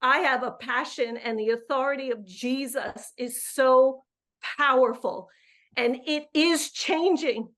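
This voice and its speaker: A woman's voice: high voice, unhurried, a bit bright. A woman in her fifties calling in to a live show as a coach, effusive and emphatic, often repeating words as she goes. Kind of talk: live call-in chat.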